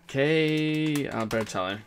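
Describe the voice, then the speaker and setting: A man's voice: fairly high pitch, measured pace, clear, resonant tone. A man with a Welsh accent hosting a game live stream in casual, upbeat chat and laughing often.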